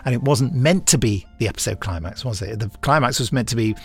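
A man's voice: medium pitch, animated, fast, breathy edge, faint music behind. A man co-hosting a podcast in casual chat, upbeat and presenter-like, laughing easily with his co-host.

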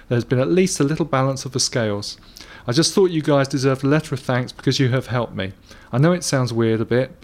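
A man co-hosting a podcast, reading a letter and teasing his colleagues dryly. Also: medium pitch. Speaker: podcast co-host. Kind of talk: casual podcast chat.

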